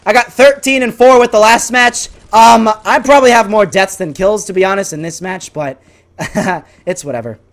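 A gaming YouTuber giving live gameplay commentary, excitable and swinging between frustrated outbursts and low muttering. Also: male voice, moderate pace.

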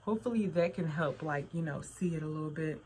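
A young woman vlogger reviewing adult toys talks frankly to camera in a deep, darkish voice, speaking fairly quickly over slight background noise. Her tone is casual, and she calls her viewers y'all.

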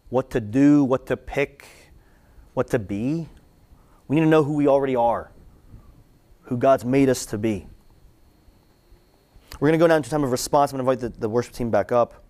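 A young man giving a conversational sermon-style talk to students, animated and repeating phrases for emphasis. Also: fairly high pitch. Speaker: campus ministry speaker.

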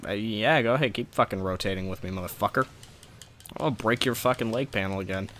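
A man's voice: lowish voice, fairly quick, fairly bright tone, a little hiss or hum. A man giving profane, sarcastic gameplay commentary, ranting at a boss fight. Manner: profane, ranting frustration at the game. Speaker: let's play gamer.

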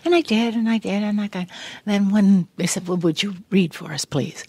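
An older woman tells a story in a lively, animated way and acts out the lines of the people in it. Her voice sounds a little harried, and the dry recording has almost no room echo. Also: mid-range voice, moderate pace. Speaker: guest actress. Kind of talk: casual storytelling interview. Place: large room used as a podcast studio.

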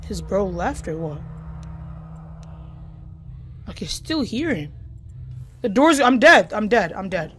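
A woman's voice: mid-range voice, sing-song, takes it slowly, pauses often, fairly bright tone, faint music behind. A young woman giving dramatic, panicky commentary while playing a horror game and talking to her viewers. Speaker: gaming YouTuber.

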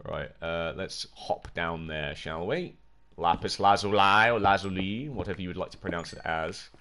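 A young British man is livestreaming a video game, chatting with his viewers in casual gameplay commentary. His voice is low and his speed normal, and he comes across as excitable and jokey, yelping whenever something startles him.

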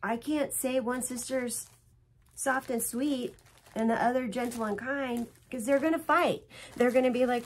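Chatty woman with a bright voice. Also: fairly high pitch, a little slow, breathy edge. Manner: chatty, rambling, emotional. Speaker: flosstube host. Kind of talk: casual show-and-tell chat.

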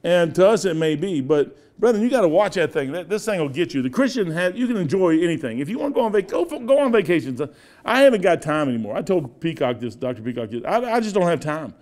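Folksy older American preacher. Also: male voice, fairly high pitch, big pitch swings, fast talker, a little mellow. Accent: American Midwest. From United States. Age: 60s. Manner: folksy, rambling storytelling with asides. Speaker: pastor. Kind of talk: sermon.

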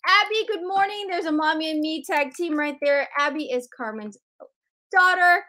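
Chatty high-pitched lady doing live shout-outs, bubbly and warm, calls everyone girlfriend. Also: moderate pace. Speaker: host of a live sales stream.

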